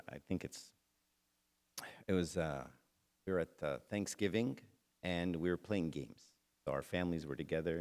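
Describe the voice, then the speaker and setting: A man's voice: deep voice, a little mellow. A middle-aged man giving a conversational church talk that centres on a personal story, speaking straight to the audience. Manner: conversational, addresses the audience directly.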